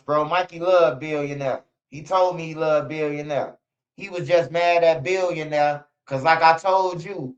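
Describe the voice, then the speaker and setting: A man talks straight to his livestream audience, rambling loosely and swearing as he goes. His voice sits a little high for a man. The stream audio is slightly dull and lo-fi. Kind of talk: casual livestream commentary. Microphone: streaming setup.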